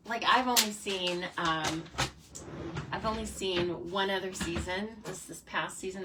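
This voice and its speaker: A woman hosting a live card-making demo, chatting casually and excitedly with viewers as she works. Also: mid-range voice. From United States. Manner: chatty and bubbly, reacts to comments, frequent laughs. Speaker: stamping demonstrator hosting a live stream. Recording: somewhat distant mic with faint noise.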